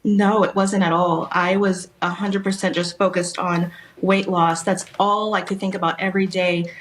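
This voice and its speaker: A woman's voice: fairly low pitch, flat delivery. A woman in her thirties, an author and fitness blogger, answering interview questions in an earnest, heartfelt way. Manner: earnest, heartfelt, slow emphasis.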